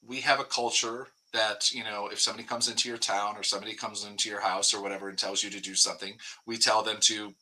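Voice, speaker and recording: A man's voice: fairly low pitch, level tone, quick pace, hardly any pauses, pushed and bright, low-quality recording. A man speaking as a guest reporter in a casual interview, talking in a rambling way with many restarts and fillers.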